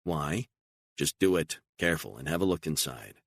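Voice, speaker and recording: A calm, guarded male operative, voiced by the narrator in his own deep register for an audiobook. He answers in clipped, level phrases with a gravelly edge to the low voice. The recording is dry and close. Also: no room sound, full character voice. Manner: terse, calm, measured.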